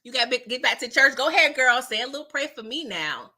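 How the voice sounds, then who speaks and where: A woman runs a casual live recap in a high, very bright voice. She talks in an animated, chatty way, with a lot of pitch movement, laughs often, and keeps tossing in "okay?" to her viewers. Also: fast talker. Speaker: TV show recapper.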